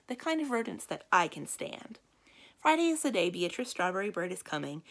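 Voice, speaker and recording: A woman librarian reading a children's novel aloud in a lively, expressive storytelling voice. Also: creaky. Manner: lively, expressive storytelling with big swings in pitch and loudness.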